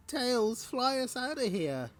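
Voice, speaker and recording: A man voicing a whiny, clingy small male mouse in a comic read-along, high and pleading. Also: sing-song, takes it slowly, full character voice. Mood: whining.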